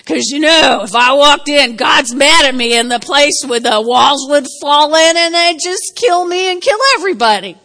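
Woman pastor, high voice, animated sermon, laughing, storytelling. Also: normal speed, hardly any pauses.

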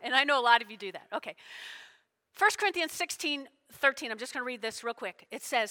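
A woman's voice: fairly high pitch, lively intonation, fairly quick, sharp tone. A woman pastor preaching a sermon, emotional and full of call-and-response with her congregation.

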